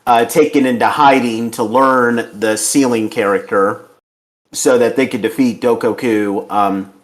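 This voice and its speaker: Dude hosting a podcast review, rambly, lots of ums, mid pitch. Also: male voice. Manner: rambling, many fillers and restarts, enthusiastic. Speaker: podcast host.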